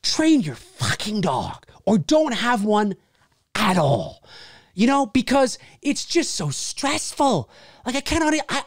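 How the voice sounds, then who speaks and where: A man hosting his own show, ranting casually, swearing freely and acting out quick voices. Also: high-pitched, no echo, studio quality. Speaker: show host. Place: lives in a big city.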